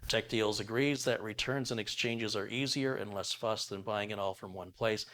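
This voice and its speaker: A middle-aged man with a fairly low voice hosts a casual live stream. He chats loosely and reads viewer messages aloud, laughing easily as he goes. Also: moderate pace, sharp tone. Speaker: live stream tech host. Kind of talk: casual live stream chat reading donations.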